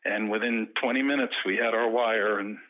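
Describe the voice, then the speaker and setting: A man calling into a show and talking his way through a long story in a lively way. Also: lowish voice, moderate pace, dry recording. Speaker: guest. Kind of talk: telling a story. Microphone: phone call. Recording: tinny phone line.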